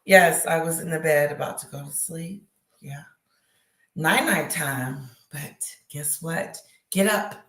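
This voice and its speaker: A woman's voice: deep voice, slow pace, a bit bright, reverberant. A woman hosting a casual late-night live chat from her bedroom, gossipy and exclaiming with frequent laughter. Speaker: livestream host. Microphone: device screen close up.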